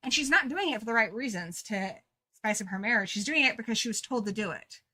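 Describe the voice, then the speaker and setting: Chatty woman gushing about a book, bright tone, kinda high voice. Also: fast. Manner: chatty, animated, laughs at herself. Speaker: book club co-host. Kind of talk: casual book chat.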